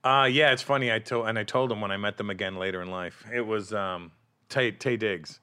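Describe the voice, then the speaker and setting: Lower male voice, quick delivery, animated comic storyteller for a casual podcast chat. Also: smooth. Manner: animated storyteller, drops to hushed tones for anecdotes. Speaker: comedian.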